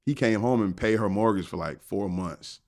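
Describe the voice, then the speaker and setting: A man's voice: on the low side, normal speed, vocal fry. A middle-aged man, a guest on a podcast, telling a story with lots of energy, acting out the people in it and laughing often. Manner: lively storyteller, acts out voices, laughs often. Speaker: podcast guest, finance professor. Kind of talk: animated storytelling.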